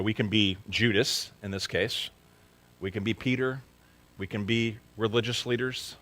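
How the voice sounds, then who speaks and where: A man's voice: fairly low pitch, poor audio. A man preaching a sermon at a church service, earnest and questioning his listeners directly, becoming emphatic to stress a point. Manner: grows emphatic and louder when stressing a point. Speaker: pastor.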